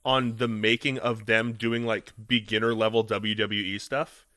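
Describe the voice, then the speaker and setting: A man co-hosting a casual podcast chat, an animated storyteller who acts out comedy sketches in high squeaky voices. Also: moderate pace, clear, resonant tone, no room sound, studio quality. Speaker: podcast co-host.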